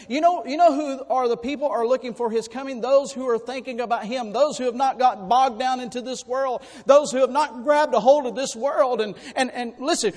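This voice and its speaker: A man preaching a sermon, folksy and animated, telling personal stories. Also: very high voice. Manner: folksy, animated storytelling with sudden loud bursts. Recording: long hall reverb.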